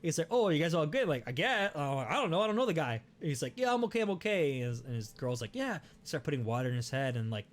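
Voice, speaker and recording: Animated, swearing young man telling a story. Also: fairly high pitch, quick pace, hardly any pauses. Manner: animated, profane, many restarts. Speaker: podcast host. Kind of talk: casual storytelling.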